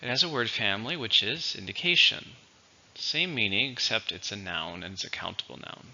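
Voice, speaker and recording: A man teaching English vocabulary in a slow, patient, explanatory way. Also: on the low side, lively intonation, gravelly, sharp tone. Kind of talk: vocabulary lesson. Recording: dull lo-fi recording.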